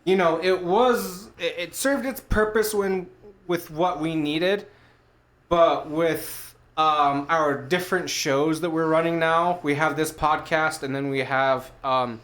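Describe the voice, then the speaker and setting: Slow and a little high, with a fairly bright tone, this podcast co-host rambles through a long story in casual chat, loose and profane, leaning on fillers and offhand swearing.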